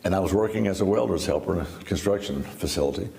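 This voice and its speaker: An older man in his seventies with a low, gravelly voice tells his testimony as an interview guest. He speaks in a folksy, easygoing way and laughs now and then. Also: fast talker, warm tone, a little hiss or hum. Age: 70s. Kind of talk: storytelling testimony.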